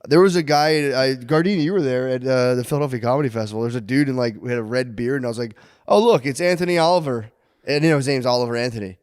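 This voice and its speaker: A man's voice: mid-range voice, racing, hardly any pauses, clean tone, no room sound, clean studio sound. A man hosting a casual comedy podcast, telling loose, profane stories and laughing often. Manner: loose storytelling, frequent swearing and laughing. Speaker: podcast host.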